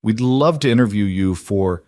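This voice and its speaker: A man voicing an eager female TV news reporter making a brisk, polished pitch over the phone. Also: darkish tone, no room sound, clean studio sound, close to an everyday voice.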